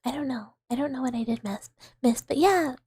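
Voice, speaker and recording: A woman's voice: high voice, fairly quick, breathy edge, no echo. Giggly whispering young woman streamer. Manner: soft whispery chatter with frequent giggles. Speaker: VTuber streamer. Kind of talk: whispered role-play. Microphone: close ASMR microphone.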